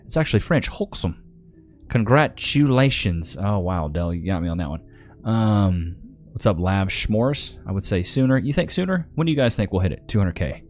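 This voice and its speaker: A man's voice: on the low side, expressive, normal speed, a little mellow, soft background music. A man hosting a casual live stream, chatting loosely in slang and reading out names from the chat into a desk mic. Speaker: livestream host. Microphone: desk microphone.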